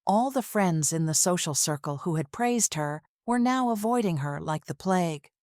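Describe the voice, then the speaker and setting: This is scripted narration of a family drama by a woman whose low-leaning voice stays steady and measured, shifting little when she voices quoted lines. It's captured close up, dry and without echo.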